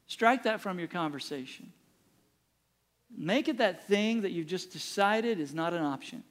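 A man's voice: high voice, expressive, measured pace, a bit bright. A middle-aged man preaching a sermon as pastor, emphatic and repeating phrases for punch.

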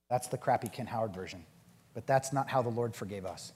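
A man preaching a sermon and leading a group discussion, acting out quoted voices in an animated way. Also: fairly low pitch, a little fast, big-room sound. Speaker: pastor.

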